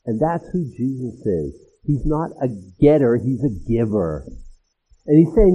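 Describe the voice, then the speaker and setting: Pastor guy preaching, husky voice, tinny phone-like sound, jumps around in pitch. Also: unhurried. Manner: animated, acts out voices of the people in the text. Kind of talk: expository sermon.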